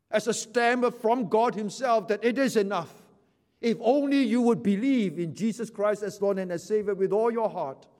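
Male preacher, higher voice, fervent emphatic delivery, sermon in an echoing hall. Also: darkish tone. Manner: earnest, emphatic preaching with rhetorical questions.

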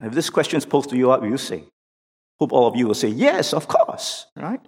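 A man preaching a sermon in an emphatic, deliberate way, pushing questions up almost to a shout. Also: medium pitch. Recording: long reverb of a large hall.

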